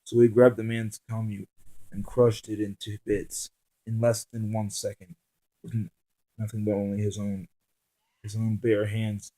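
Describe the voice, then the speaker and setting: Man haltingly reading his own story. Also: on the low side, flat delivery, mellow, rough recording. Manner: halting reading with frequent restarts and fillers.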